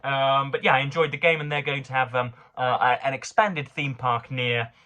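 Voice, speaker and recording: A man's voice: medium pitch, fairly even intonation, pushed and bright. A man reading newspaper items aloud and commenting on them with dry, sardonic asides, often stumbling over his words. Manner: halting, frequent fillers and restarts, dry sardonic asides. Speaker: vlogger reviewing the newspaper.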